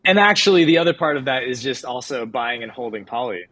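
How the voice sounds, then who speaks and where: A man co-hosting a casual livestream chat, excitable and joking, often drifting onto tangents. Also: mid-range voice, fast talker, rough recording. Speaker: co-host.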